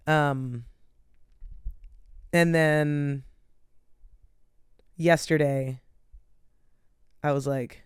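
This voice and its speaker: A woman's voice: fairly low pitch, normal speed, clean tone, dry recording, studio quality. A tired, yawning young woman hosting a podcast, chatting casually and rambling with lots of "like" and "um". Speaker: podcast host. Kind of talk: casual solo chat.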